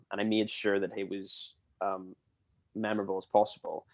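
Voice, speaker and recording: A man's voice: on the low side, a little fast. A man in his twenties, a podcast guest and former theme park cast member, rambling through casual anecdotes. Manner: chatty, rambling, animated when telling stories.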